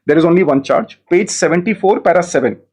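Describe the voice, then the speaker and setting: A man's voice: high-pitched, fast, a little mellow, husky. A man arguing his own case before judges in a courtroom, deferential and formal, repeatedly addressing the bench, growing insistent as he presses his point. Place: courtroom, live-streamed hearing.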